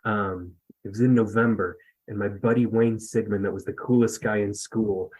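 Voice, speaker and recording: Husky-voiced man in his fifties. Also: lowish voice, fairly even intonation, normal speed, a little mellow, low-quality recording. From US West Coast. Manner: rambling, self-deprecating, many fillers and restarts. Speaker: podcast guest. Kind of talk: casual storytelling.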